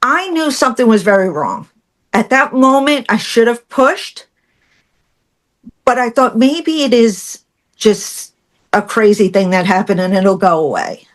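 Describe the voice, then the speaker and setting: Her voice is fairly high and she speaks a little slowly. As a middle-aged podcast guest relating a personal story, she's animated, voicing other people's lines and laughing her way through difficult moments.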